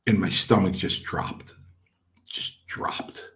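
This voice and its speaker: A middle-aged man, a former wrestler, telling stories from his career and acting out what others said. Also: takes it slowly. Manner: acts out quotes of others, lively. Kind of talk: anecdotal storytelling.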